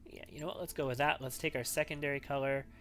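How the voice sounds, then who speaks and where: A man's voice: mid-range voice, steady tone, fast, a bit bright, slight background noise. A man hosting a let's play, thinking aloud and wavering as he makes choices in a strategy game. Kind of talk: gameplay commentary.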